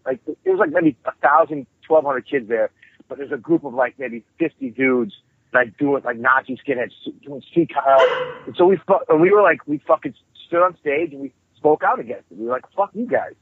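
Man with a husky voice on a tinny phone line. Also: mid-range voice, normal speed, dry recording. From New York. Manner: profane, rambling, animated storyteller. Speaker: guest musician. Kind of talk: casual storytelling interview.

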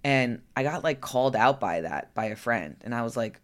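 A woman's voice: extremely low pitch, animated, normal speed. A woman coach talking candidly in a personal vlog, frank and chatty, now and then cursing and asking rhetorical "right?" questions. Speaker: lifestyle coach.

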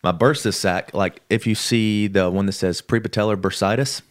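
Deep-voiced man telling a story. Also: moderate pace. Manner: lively, acts out the people he quotes. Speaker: podcast guest. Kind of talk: casual storytelling.

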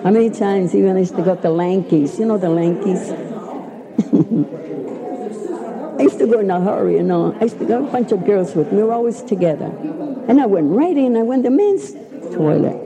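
A woman's voice: medium pitch, lively intonation, normal speed, long pauses, a crowd in the background, rough recording. An older woman, chatty and rambling as she tells stories of the old days in an interview. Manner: chatty, rambling, laughs at her own stories. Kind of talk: reminiscing oral history.

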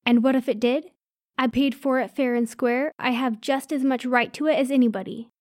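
A woman's voice: fairly high pitch, takes it slowly, darkish tone, dry recording, clean studio sound. A woman doing a touchy old shopkeeper woman. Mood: defensive. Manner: sweet one moment, barking the next. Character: older woman antique shop owner, touchy.

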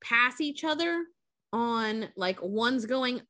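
A woman co-hosting a podcast tells a movie plot in loose, profane, animated chat. Her voice is bright and sits a little high. The sound is dry and close, with no room around it. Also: takes it slowly, no room sound. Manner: profane, animated retelling with quoted character voices. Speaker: podcast co-host. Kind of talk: casual chat recapping a movie.

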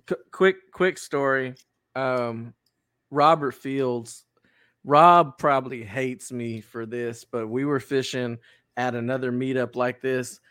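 A man's voice: medium pitch, takes it slowly, smooth, no room sound, clean studio sound. A man co-hosting a podcast in casual chat, telling stories with lots of energy and laughter. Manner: animated storyteller, laughs often. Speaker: podcast co-host.

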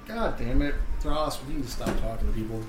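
A man's voice: medium pitch, lively intonation, fairly quick, roomy sound, loud music behind the voice, low-quality recording. A man playing a tabletop game, joking and telling stories in character. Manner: playful, storytelling banter. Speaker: player. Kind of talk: casual chat at a tabletop game.

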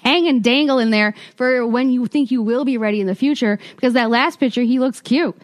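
A woman's voice: a little high, a little fast, dry recording, studio quality. A woman co-hosting a podcast, giving blunt, direct dating advice in casual chat. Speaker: podcast co-host.

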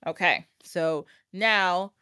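Animated woman retelling a fairytale. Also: lowish voice, very slow, clean tone, dry recording, clean studio sound. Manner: animated, laughing, acts out quoted lines. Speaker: podcast host.

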